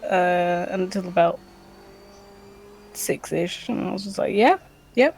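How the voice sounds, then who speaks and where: Slow, hesitant giggly woman. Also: fairly low pitch, level tone, vocal fry, a little mellow, a little hiss or hum. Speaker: livestream co-host. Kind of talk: casual chat, reading viewer comments.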